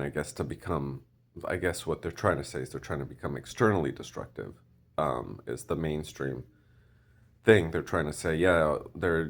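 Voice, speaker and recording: A man rambling through a casual monologue, often clearing his throat and hesitating. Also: extremely low pitch.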